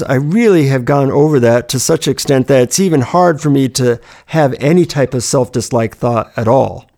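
A man's voice: mid-range voice, vocal fry, darkish tone. A man giving a reflective self-help talk, telling personal stories about handling negative thoughts.

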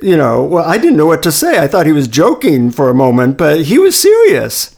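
A man hosting a conversation, telling a personal story in a relaxed, anecdotal way. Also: a little high, brisk, gravelly. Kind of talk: casual storytelling chat.

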